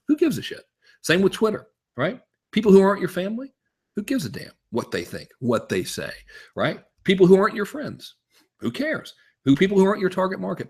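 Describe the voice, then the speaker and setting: Animated husky man coaching a webinar. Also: on the high side. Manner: animated, frequent rhetorical "right?" and "okay?", swings up to emphatic peaks. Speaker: business coach. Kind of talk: casual webinar teaching.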